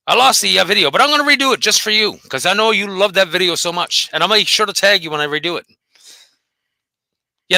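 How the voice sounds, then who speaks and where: Fast, fired-up ranting man. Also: high voice, creaky, bright, forceful tone, no echo. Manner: profane, combative, taunting. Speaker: host of a dog behavior channel. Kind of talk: angry solo rant.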